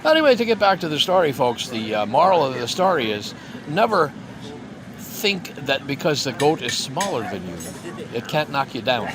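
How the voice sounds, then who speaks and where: A man's voice: medium pitch, big pitch swings, normal speed. A man telling a folk tale in a chatty, meandering way, talking straight to his listeners at a castle fair. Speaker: storyteller. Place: outdoors at a busy castle fair. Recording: outdoor crowd noise behind.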